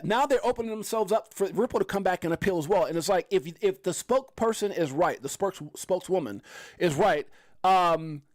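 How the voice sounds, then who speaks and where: A man hosting a casual crypto livestream, talking in an excitable, rambling way with mocking asides. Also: high-pitched, dry recording.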